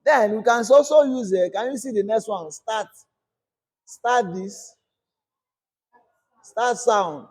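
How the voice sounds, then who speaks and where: A man with a fairly high, husky voice walks students through a screen-recorded coding lesson. He talks in a repetitive call-and-response way, posing a question and then supplying the answer himself. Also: takes it slowly, long pauses. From Nigeria. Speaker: coding instructor.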